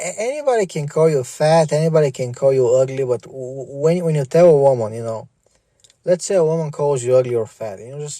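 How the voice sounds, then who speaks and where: A man's voice: medium pitch, animated, fairly quick, dark tone, no room sound. A middle-aged man ranting in a vlog, stammering, swearing and repeating himself. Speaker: vlogger. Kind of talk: profane ranting monologue.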